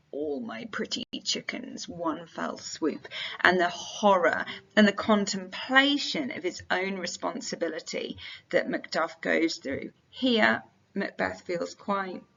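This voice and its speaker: A woman's voice: medium pitch, vocal fry, fairly bright tone. A young adult woman explaining a play for exam revision as a teacher, often reading quotations aloud. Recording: dull lo-fi sound.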